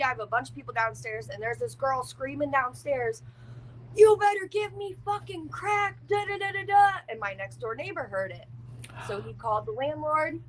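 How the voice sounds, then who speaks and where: Woman telling her story, swears a lot, says like constantly, bright kinda high voice. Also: slight background noise, poor audio. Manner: blunt and profane, heavy use of "like". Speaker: interview guest. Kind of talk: casual storytelling.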